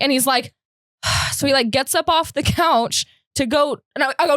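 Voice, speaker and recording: A woman co-hosting a podcast, telling a story in casual chat, animated and laughing as she acts out what others said. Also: sits high, moderate pace, dry recording, clean studio sound. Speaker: podcast co-host.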